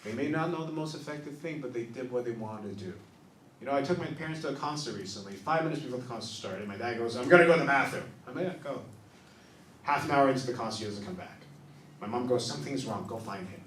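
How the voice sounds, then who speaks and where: A man's voice: mid-range voice, roomy sound, distant mic, a little hiss or hum. A man doing a stand-up comedy set in a small club, telling stories and briefly voicing the people in them. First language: not English. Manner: storytelling, acts out characters in quick bursts. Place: small improv club stage, live audience.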